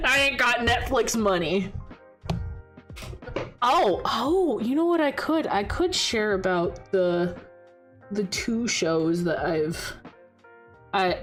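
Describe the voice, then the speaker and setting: A young woman with a high voice chats with her stream, spinning animated stories full of swearing and bursts of laughter. She speaks at an unhurried pace into a desk mic, with faint music playing behind her. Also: poor audio. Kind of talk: casual chat stream.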